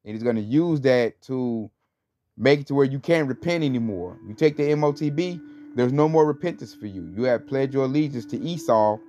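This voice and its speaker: A man's voice: mid-range voice, expressive, brisk, dark tone, dry recording. A man giving an informal religious talk in a rambling, conversational way, full of fillers and scornful emphasis. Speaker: religious teacher. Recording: dull lo-fi recording with faint music.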